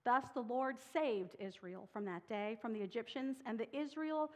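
A woman's voice: a little high, normal speed, hardly any pauses, darkish tone. A woman preaching a sermon, reading scripture dramatically and voicing the people she quotes with rising intensity. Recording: long hall reverb.

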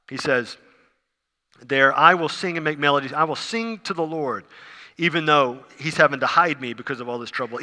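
A man preaching a sermon as pastor, earnestly repeating phrases and swinging from soft to loud. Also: fairly high pitch, big-room sound.

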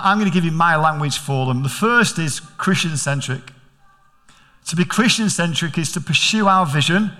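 An older man preaching a sermon in a church, telling stories and asking the congregation questions. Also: a little high. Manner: storytelling, animated, questioning. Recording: reverberant church hall.

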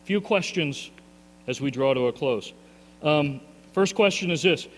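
A male pastor preaches a sermon in a church with a somewhat high, expressive voice and a slightly slow pace. He is earnest and often repeats his words as his intensity rises and falls. The hall adds long reverb, and a faint mains hum sits underneath.

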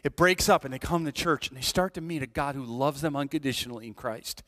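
A middle-aged man preaching a sermon, swinging between hushed whispers and loud, high exclamations, with many repeats and restarts. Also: quick pace. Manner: repeats and restarts words often. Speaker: pastor.

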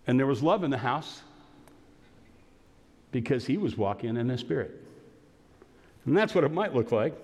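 A middle-aged man preaching a sermon as pastor, telling a story and acting out its voices. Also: a little high. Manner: storytelling, acts out quoted lines. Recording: long hall reverb.

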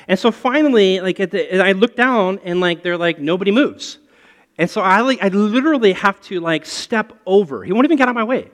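Man, preacher, lively storytelling sermon, slightly high voice, long hall reverb. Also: fairly quick. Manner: animated, storytelling with rising excitement.

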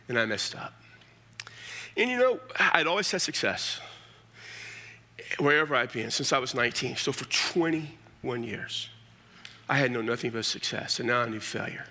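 A middle-aged pastor tells his own story in a folksy, intimate way. His voice sits at an ordinary pitch but sounds bright and forceful, and he talks to listeners as if they were old friends. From South Texas. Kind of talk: personal testimony sermon.

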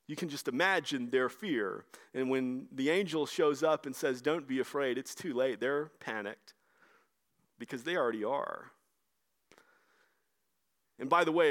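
A man delivering a sermon with a slightly higher voice than most men. He preaches conversationally, speeding through some stretches and slowing down to lean on key lines. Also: fairly bright tone. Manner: conversational preaching, shifting between brisk and slow emphatic delivery. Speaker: pastor.

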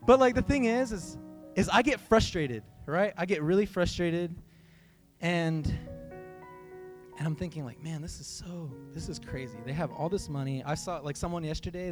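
Young male preacher, high-pitched, casual and animated, faint music underneath. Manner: conversational, animated, says "like" and "right" often. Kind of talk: informal sermon.

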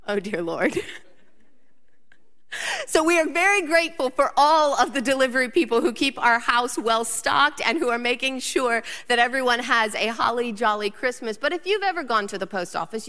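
A woman in her thirties preaching a sermon, telling a personal story and building to emphatic, animated lists. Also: fairly high pitch, in a large hall. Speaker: pastor.

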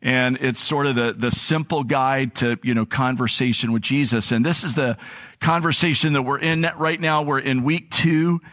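A man's voice: mid-range voice, normal speed, fairly bright tone. A male pastor giving a conversational sermon. He tells personal stories in an earnest way. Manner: earnest, storytelling, anecdotal.

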